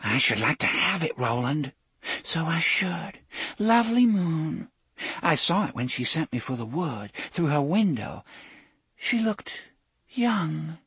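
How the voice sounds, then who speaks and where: A woman's voice: deep voice, sing-song, takes it slowly, fairly bright tone, breathy edge, no room sound, pitched above the performer's own voice, full character voice. A man doing a dreamy, entranced young woman. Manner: dreamy sing-song lilt.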